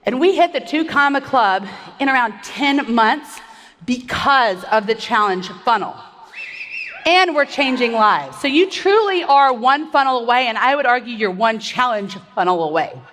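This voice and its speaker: A woman giving a fast, upbeat stage presentation, a little out of breath, rallying the audience with questions. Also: on the high side, expressive, a bit bright. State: slightly out of breath. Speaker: conference speaker. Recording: long hall reverb.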